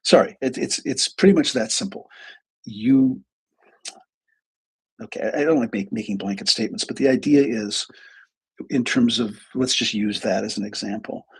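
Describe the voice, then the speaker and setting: Older male therapist, livestream storyteller, gravelly and husky, restarts often. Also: mid-range voice, moderate pace, long pauses. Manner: rambling, repeats words, many restarts. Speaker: therapist and coach.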